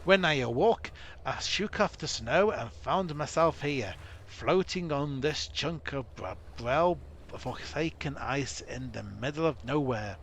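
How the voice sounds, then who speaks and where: A man voicing a weary male dwarf survivor in a rough put-on accent, dramatically retelling a disaster. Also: mid-range voice, animated, a little slow, fairly bright tone, slight background noise. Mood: dramatic.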